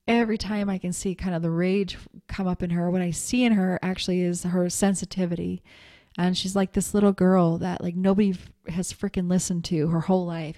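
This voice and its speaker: A woman's voice: fairly low pitch, dark tone. A middle-aged woman giving a candid, chatty self-help talk as a coach, with plenty of ums.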